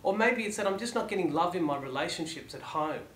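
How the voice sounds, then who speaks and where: A man giving a motivational talk to listeners, asking rhetorical questions and letting his phrases fall soft at the ends. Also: high voice, lively intonation, fast. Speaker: motivational speaker. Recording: echoey room, faint background ambience.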